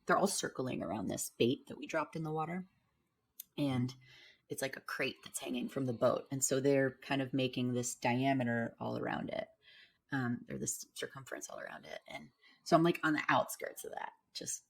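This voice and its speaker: A young woman guest on a podcast, candidly telling a vivid personal story in a casual way. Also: very deep voice.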